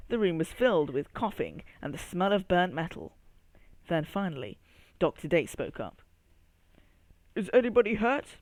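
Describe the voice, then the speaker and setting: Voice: medium pitch, no room sound. A storyteller reading a children's story aloud, speaking straight to young listeners. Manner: addresses young listener, expressive.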